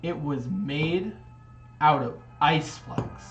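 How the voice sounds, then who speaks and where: A man voicing a high-strung grown man who collects dolls, shrill and indignant in a tabletop game. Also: extremely slow, roomy sound, highs cut off, soft background music. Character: high-strung adult man, doll collector, touchy and dramatic.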